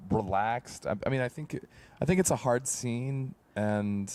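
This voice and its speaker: A man's voice: mid-range voice, measured pace, crowd noise. A man co-hosting a live show review in casual chat, joking and playful. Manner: joking, playful, does silly impressions. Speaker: podcast co-host.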